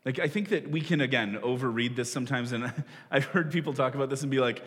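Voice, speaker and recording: A chatty pastor in a reverberant hall. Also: male voice, mid-range voice, brisk, a bit bright. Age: 40s. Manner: conversational, self-deprecating, with frequent laughs and restarts. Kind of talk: sermon. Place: church hall. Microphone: stage microphone. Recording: long reverb of a large hall.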